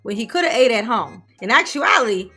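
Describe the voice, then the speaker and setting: A woman hosting a reaction commentary show, sassy and quick with jokes, laughing often. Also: a little high, expressive, pushed and bright, faint music behind. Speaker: commentary channel host.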